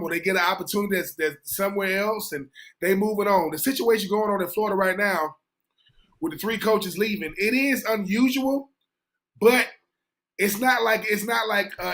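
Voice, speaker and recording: A former player talks football as a show guest. His voice is high for a man, and he is emphatic and informal, often repeating words as he gets going. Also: a bit bright. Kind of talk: casual radio sports talk.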